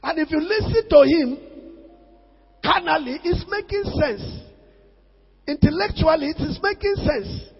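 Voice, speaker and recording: A man preaching a sermon, switching between low asides and shouted exhortation. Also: lively intonation, measured pace, gravelly, long pauses. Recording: reverberant hall, dull lo-fi sound.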